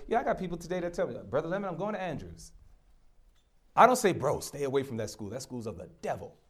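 Animated high-voiced male preacher. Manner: emphatic, rhetorical questions to the congregation. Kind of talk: sermon.

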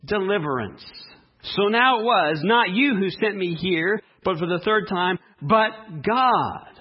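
A man preaching a sermon, reading scripture dramatically and speaking with emphasis and long pauses. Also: high voice, husky, lo-fi sound. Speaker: pastor.

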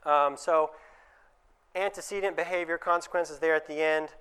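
A man speaks to a room of dentists in a relaxed, conversational way, slipping into quick impressions of parents and patients. His voice sits a little higher than most men's and sounds smooth and resonant. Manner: conversational, acts out little dialogues with changed voices. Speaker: dentist giving a presentation. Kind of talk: conference talk to dentists.

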